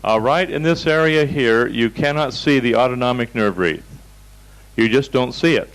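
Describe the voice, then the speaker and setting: A man's voice: medium pitch, normal speed, low-quality recording. A man teaching a seminar over slides, telling folksy anecdotes in a direct, storytelling way. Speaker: seminar instructor.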